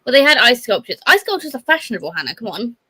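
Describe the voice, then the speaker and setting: A woman hosting a casual reading livestream, animated and bubbly, reading out viewer comments. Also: a little high, fast talker, a little hiss or hum, poor audio. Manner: bubbly, animated, reads chat comments aloud. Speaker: host of a reading stream. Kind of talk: casual chat.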